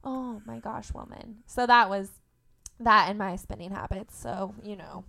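Gravelly-voiced young woman telling stories. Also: medium pitch, measured pace. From Indiana, USA. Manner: animated storyteller, laughs often. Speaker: podcast guest. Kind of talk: casual interview chat.

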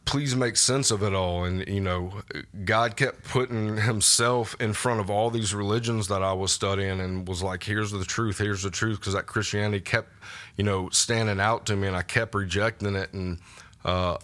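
A man telling a personal faith story as a podcast guest, casual and halting, with many fillers and restarts. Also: lowish voice, steady tone, a bit bright. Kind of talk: personal testimony in a podcast interview. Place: podcast studio.

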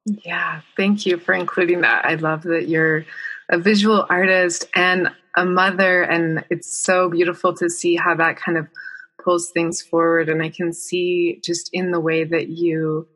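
Low-voiced woman hosting a podcast. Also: flat delivery, a little slow. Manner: warm, effusive praise with soft asides. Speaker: podcast host. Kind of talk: podcast interview.

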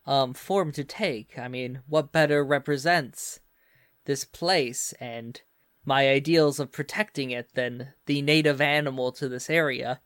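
A man voicing a dignified male house drake in opossum form, speaking slowly and formally with a German accent. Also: mid-range voice, fairly bright tone, clean tone, no echo, clean studio sound, lightly acted. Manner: slow, formal and solemn.

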